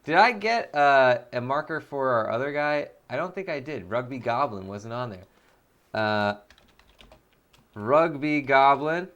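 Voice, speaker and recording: An excitable male streamer chatting live, jumping between quick bursts and laughter. His voice is smooth and clear at a middle pitch, close to a desk mic. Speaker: streamer, game let's-player. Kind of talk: casual live-stream chat.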